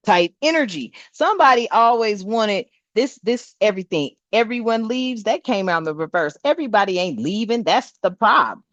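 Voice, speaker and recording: A woman giving a casual tarot reading indoors, talking in an animated, slangy and profane way, often breaking into laughter. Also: medium pitch, normal speed, hardly any pauses, dry recording. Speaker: tarot reader. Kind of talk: casual spiritual reading monologue. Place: indoors, room with air conditioner. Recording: dull, dry lo-fi sound.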